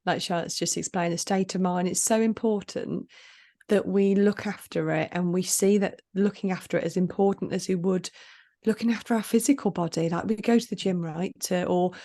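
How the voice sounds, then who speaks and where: A woman's voice: fairly low pitch, fairly even intonation, moderate pace, mellow. Woman co-host, earnest and reflective, still catching her breath. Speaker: podcast co-host. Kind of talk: casual chat.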